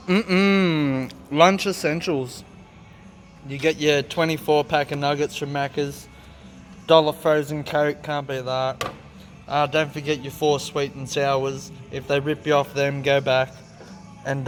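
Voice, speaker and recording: A man's voice: a little high, level tone, measured pace, in a large hall, soft background music. A young Australian man in a casual garage vlog, talking through his car repair in a laid-back way and swearing heavily when frustrated. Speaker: car vlogger.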